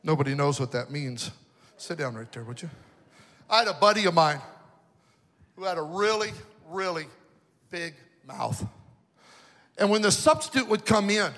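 High bright-voiced preacher in a hall. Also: male voice. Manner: jokey storytelling, building to shouted preaching. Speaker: youth preacher. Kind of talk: humorous sermon with stories. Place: large hall with an audience.

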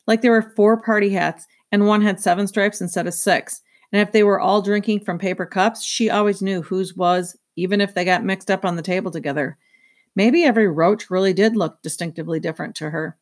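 A woman's voice: medium pitch, fairly even intonation, fairly quick, lightly acted. A woman reading aloud, voicing a practical young boy who talks in a plain, casual way. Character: boy, about eleven, wary and practical.

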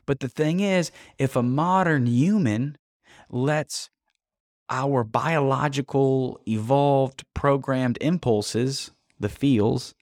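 A man's voice: mid-range voice, slow, a little mellow, no echo, studio quality. A man delivering a blunt, profane motivational monologue, addressing the listener directly and emphatically. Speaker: motivational speaker.

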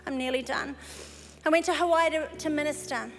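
A woman preacher telling a story in a sermon, animated and lively, breaking into excited exclamations. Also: high-pitched, fairly quick, faint music behind. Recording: live hall recording with long reverb.

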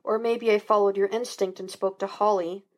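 A woman's voice: mid-range voice, fairly even intonation, moderate pace, lightly acted. A woman reading the lines of a stern male police detective who speaks curtly. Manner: curt, barking.

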